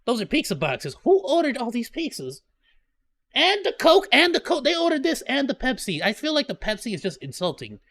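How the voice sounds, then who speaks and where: Brief: excitable male streamer, bright, very animated, reacting and joking. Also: very high-pitched, brisk. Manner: excitable, joking, laughs often. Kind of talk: live reaction stream commentary.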